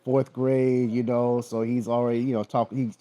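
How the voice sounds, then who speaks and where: A man in his forties co-hosting a casual chat, talking with lively energy and laughing easily. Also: medium pitch, moderate pace. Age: 40s. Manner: lively, animated, laughs often. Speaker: podcast co-host.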